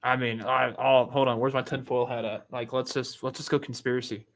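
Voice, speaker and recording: A man's voice: mid-range voice, level tone, fairly quick. A man co-hosting a casual sports podcast, joking and throwing in playful interjections. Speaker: podcast co-host.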